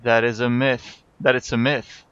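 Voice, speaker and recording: A man's voice: medium pitch, flat delivery, normal speed, a bit bright, clean tone, highs cut off, close to an everyday voice. A man voicing a scarred old human warrior, telling a grim tale in a solemn way. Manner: solemn storytelling.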